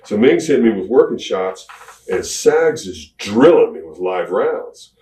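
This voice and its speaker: A man's voice: fairly low pitch, a little slow. A middle-aged man, a retired pro wrestler, telling stories in a candid sit-down interview, acting out what people said. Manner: drawling, animated retelling with acted-out quotes. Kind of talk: shoot interview, candid storytelling. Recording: roomy, distant mic with faint ambience.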